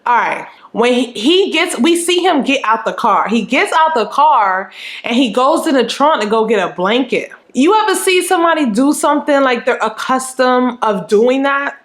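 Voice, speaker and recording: A woman vlogger telling a story in casual chat, animated and profane, acting out scenes with quoted remarks. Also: high-pitched, moderate pace. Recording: roomy echo.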